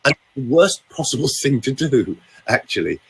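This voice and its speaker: A man's voice: mid-range voice, very animated, moderate pace, a bit bright, breathy edge. An older man, a vocal coach talking in a theatrical, teasing way on a podcast. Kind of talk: casual podcast chat with voice demonstrations.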